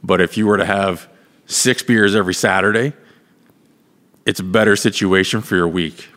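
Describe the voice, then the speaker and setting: A man's voice: deep voice, fairly even intonation, normal speed, a bit bright. A man hosting a podcast, talking casually and at length, rambling and swearing as he explains things. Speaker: podcast host. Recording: long hall reverb.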